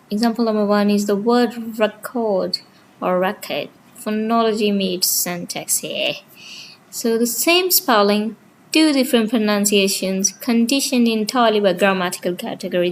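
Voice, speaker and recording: A woman's voice: medium pitch, a little hiss or hum, poor audio. A woman teaching linguistics in a casual lecture, walking through her slides point by point, with small grammar slips.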